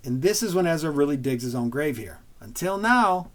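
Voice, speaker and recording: A man who is a former police officer breaks down bodycam footage in blunt, plain-spoken commentary. His voice sits a little higher than most men's, and he drops into street slang now and then. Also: expressive, moderate pace, a bit bright.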